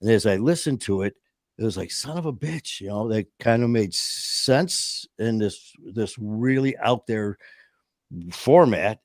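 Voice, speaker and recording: A man's voice: on the low side, measured pace, darkish tone, no room sound, studio quality. A man in his fifties telling stories in a casual, rambling way, acting out quoted voices and often restarting his sentences. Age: 50s. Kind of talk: casual storytelling chat.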